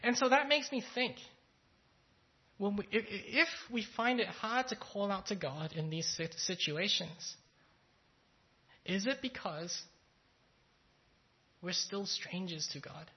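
A pastor speaks to the congregation in a plain, mid-pitched voice, telling a story in an easygoing, thoughtful way. The delivery is unhurried and full of small fillers. The recording sounds a little dull and lo-fi. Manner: relaxed, thoughtful, with frequent "uh" fillers. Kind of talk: conversational sermon with storytelling.

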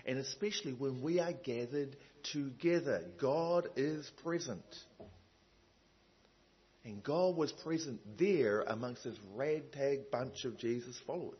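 A man's voice: medium pitch, breathy edge, dull audio. A man preaching a sermon in a conversational way, with many asides and fillers.

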